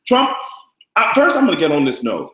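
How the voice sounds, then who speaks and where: A man's voice: on the high side, wildly swooping pitch, a little fast, reverberant, poor audio. A man hosting a live-stream gossip show, brash, profane and camp. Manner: brash, profane and camp, with loud cackling laughs. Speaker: vlogger host.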